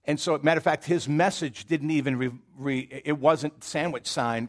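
A man's voice: mid-range voice, normal speed, hardly any pauses. A male pastor with a Southern American accent, preaching a casual, storytelling sermon full of asides and rhetorical questions. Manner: conversational storytelling, frequent fillers and rhetorical questions.

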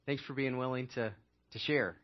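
Earnest pastor, dry dull sound. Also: male voice, medium pitch, no room sound. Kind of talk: sermon and panel moderation.

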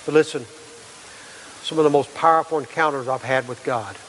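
A man's voice: medium pitch, fairly quick, a bit bright, big-room sound, a little hiss or hum, low-quality recording. A pastor delivering a conversational sermon, acting out quotes and often repeating words as he goes.

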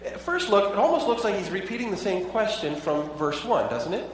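A man's voice: high-pitched, big pitch swings, a little fast, a little hiss or hum. A pastor preaching a sermon in a conversational way, asking his listeners many rhetorical questions. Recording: echoey hall, voice from far off.

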